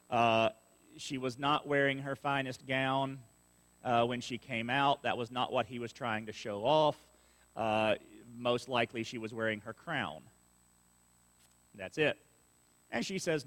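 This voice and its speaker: A man's voice: medium pitch, a little slow, a bit bright. A male pastor preaching a sermon and reading scripture, with folksy, conversational asides. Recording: long reverb of a church hall.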